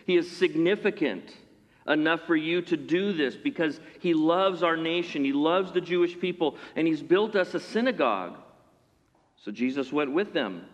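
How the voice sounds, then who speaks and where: A man preaching a sermon in an animated way, acting out the voices of the people in his story. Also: a little high, dull audio. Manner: animated, acts out voices of characters. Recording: long hall reverb.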